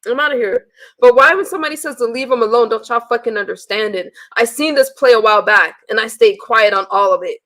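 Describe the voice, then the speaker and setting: A woman with a somewhat high voice, talking straight to her live-stream viewers. She is blunt and exasperated, swearing freely as she vents and reads messages aloud. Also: fast, few pauses, fairly bright tone. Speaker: livestreamer.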